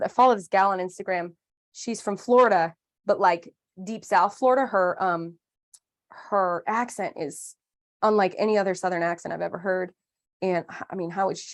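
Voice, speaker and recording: A craft class instructor in her thirties, with a mid-range voice, leads a live online lesson. She is chatty and upbeat, stepping through the instructions with playful asides and a friendly, conversational pace.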